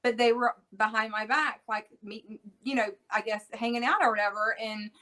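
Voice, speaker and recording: A middle-aged woman, a guest on an interview show, speaking earnestly with halting phrases, restarts and repeated words. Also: on the high side, fairly even intonation, pushed and bright, low-quality recording. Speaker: interview guest, bereaved mother. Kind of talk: casual interview talk.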